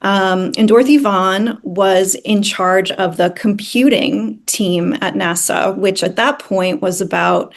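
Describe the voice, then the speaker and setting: A woman founder being interviewed, telling her company's story in an earnest, measured way. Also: medium pitch, steady tone. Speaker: founder and CEO, interview guest. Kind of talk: casual interview conversation.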